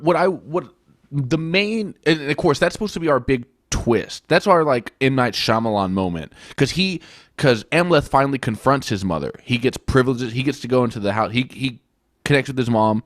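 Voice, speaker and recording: A man's voice: mid-range voice, dry recording. Dry-sounding man in casual podcast chat. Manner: rambling, profane retelling of plot scenes. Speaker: podcast co-host. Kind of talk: casual film-review chat.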